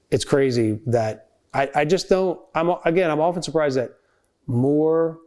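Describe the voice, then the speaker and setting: A man's voice: mid-range voice, a little mellow. Chatty man as podcast guest. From United States. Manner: conversational, tag questions, fillers like "right?" and "like". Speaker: company founder and former CEO, guest. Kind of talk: casual podcast conversation.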